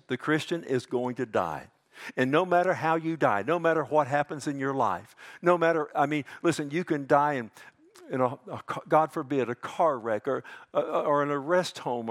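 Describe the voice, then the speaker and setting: A man preaching a sermon, calling his listeners "loved one", dropping to hushed tones and rising to loud emphatic peaks, with frequent restarts. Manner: swings between hushed lows and loud emphatic highs; addresses listeners as "loved one", asks "amen?". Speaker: pastor.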